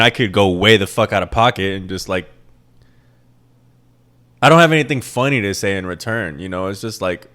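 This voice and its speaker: This podcast host is a young man from the American Midwest with a plain accent and a voice on the low side, a bit bright. Alone on his casual show, he rambles, pokes fun at himself, and swears freely.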